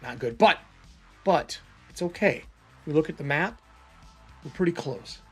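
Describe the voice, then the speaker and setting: Guy running a solo tabletop game, casual, talks through his dice rolls, slightly high voice, faint music behind. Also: a little slow, husky. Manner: casual, thinking aloud, rolling dice.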